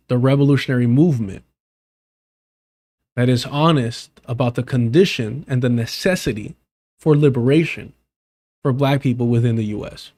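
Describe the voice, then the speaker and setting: A man's voice: medium pitch, darkish tone. A man on a live stream arguing a point with pressing rhetorical questions. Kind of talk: streamed debate argument.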